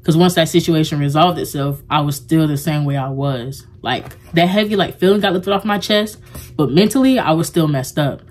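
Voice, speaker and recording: Young woman vlogger with a low, deep voice, chatty and confessional, rambling with lots of "like". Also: normal speed, darkish tone. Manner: rambling and heartfelt, heavy use of "like". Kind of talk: casual confessional vlog talk.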